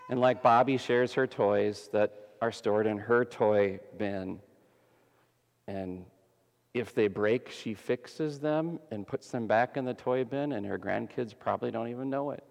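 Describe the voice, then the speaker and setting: A man preaching a sermon as pastor, dramatic, swinging between loud emphasis and hushed softness. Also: mid-range voice, a little slow, creaky. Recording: long hall reverb.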